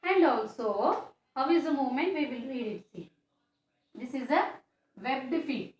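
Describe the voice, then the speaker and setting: Woman teacher, high voice, slow repetitive classroom delivery, echoey room. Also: lively intonation, darkish tone. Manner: slow, repetitive explaining with question tags. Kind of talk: classroom science lesson. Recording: echoey room, faint background noise.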